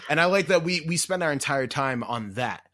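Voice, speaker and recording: A man's voice: on the high side, lively intonation, a little fast, pushed and bright, no room sound, studio quality. A man co-hosting a podcast, chatting casually and retelling scenes with lots of laughs. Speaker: podcast co-host. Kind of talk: casual chat.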